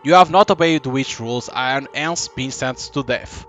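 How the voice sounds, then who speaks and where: A man's voice: medium pitch, normal speed, fairly bright tone, soft background music, close to an everyday voice. A man voicing a cruel witch teacher in a video game, cold and disdainful.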